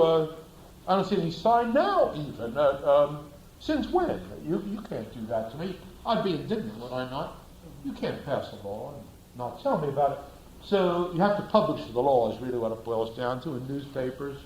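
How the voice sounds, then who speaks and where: Lively man lecturing in an echoey room. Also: mid-range voice, slight background noise. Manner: asks the class rhetorical questions, acts out little scenes. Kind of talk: classroom lecture.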